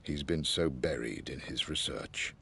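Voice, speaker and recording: A man's voice: very deep voice, unhurried, vocal fry, pushed and bright, slightly rough, full character voice. An older man playing a devoted, patient butler, reading his own letters as game voice-over in a formal, deferential manner. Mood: warm.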